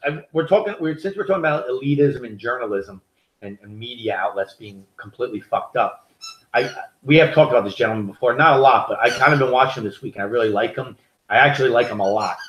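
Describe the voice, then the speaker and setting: A man's voice: mid-range voice, a bit bright, slight background noise. An American man co-hosting a podcast, telling stories in a heated, profane, rambling way. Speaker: podcast co-host. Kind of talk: casual opinionated podcast chat. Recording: echoey room.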